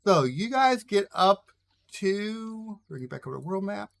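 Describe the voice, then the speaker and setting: A man's voice: sits high, expressive, a little slow, gravelly. A man running a tabletop game as game master, narrating casually with frequent fillers.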